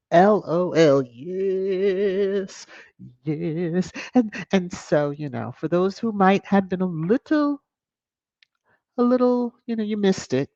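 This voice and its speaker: A live stream host chatting casually and reading out viewer comments, animated and quick to laugh. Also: medium pitch, no echo. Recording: dull lo-fi dry stream audio.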